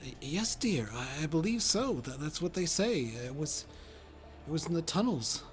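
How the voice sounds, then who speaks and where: A man's voice: a little high, big pitch swings, normal speed, faint music behind. A man doing a timid, stammering mother. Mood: nervous. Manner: stammering, hushed. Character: timid, fussy human mother.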